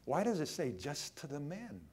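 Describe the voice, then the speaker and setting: A man preaching a sermon, emphatic, swinging between loud lines and hushed ones, drawing some phrases out. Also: fairly high pitch, sing-song, moderate pace, husky. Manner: acts out quoted voices in his own voice.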